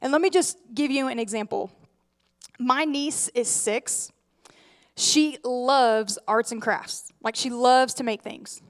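A young adult woman giving a sermon in a conversational, animated preaching style full of rhetorical questions. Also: a little high, slow pace.

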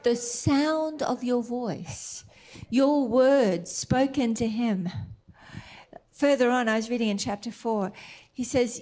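A middle-aged woman preaching a sermon, tender and emphatic, slipping into soft whispered asides. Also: a little high, takes it slowly.

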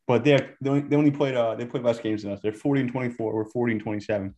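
A man's voice: medium pitch, steady tone, racing, dark tone, lo-fi sound, a little hiss or hum. A young man co-hosting a sports podcast, a hyped, trash-talking fan in casual chat. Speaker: podcast co-host.

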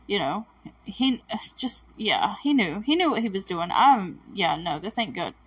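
A woman's voice: mid-range voice, big pitch swings, a little slow, breathy edge. A woman recapping a TV episode in a chatty, emotional way, with lots of fillers and self-corrections. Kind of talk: casual recap commentary.

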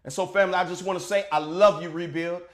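A male pastor preaching a sermon in a casual, colloquial way, moving from quiet to shouted declarations. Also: sits high, steady tone, fast talker.

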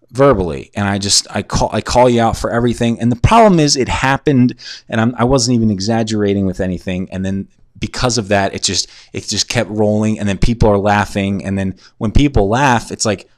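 A man in his twenties hosts a podcast from a shared house, his voice on the low side. Drunk and concussed, he tells a profane, crude story that rambles and digresses, often at his own expense. The sound is clean studio audio with no echo.

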